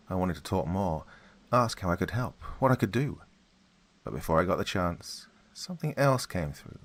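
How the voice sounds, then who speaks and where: A male storyteller reads a dark first-person tale in a measured, dramatic way. His voice sits low and has a husky texture. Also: big pitch swings.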